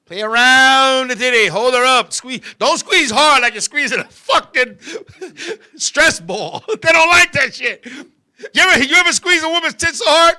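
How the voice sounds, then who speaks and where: High, bright-voiced loud comic storyteller man. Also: measured pace, clean tone. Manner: loud, animated, crude, laughing between lines. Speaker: host. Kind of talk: comic storytelling on a talk show.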